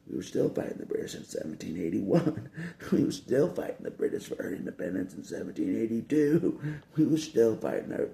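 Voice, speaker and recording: Deep gravelly man, chuckling. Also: warm tone. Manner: chuckles between phrases, repetitive and insistent. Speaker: video blogger. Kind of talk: casual rambling monologue to camera. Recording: echoey room with faint background hum.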